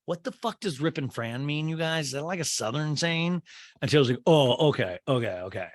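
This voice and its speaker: A man's voice: on the high side, no echo. Rambling male podcast host, dry sound. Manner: animated retelling with quick character voices; rambling, lots of fillers. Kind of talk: casual recap of a reality show.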